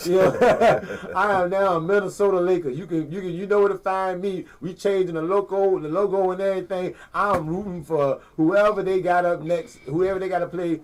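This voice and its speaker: A man hosting a sports podcast from a living room, talking casually in an animated, slangy, rambling way and repeating himself. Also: fairly high pitch. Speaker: podcast host.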